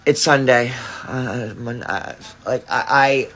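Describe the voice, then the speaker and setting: A man's voice: mid-range voice, takes it slowly, a bit bright. An angry man ranting on a phone livestream, swearing heavily and stammering through restarts. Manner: furious, profane, stammering restarts.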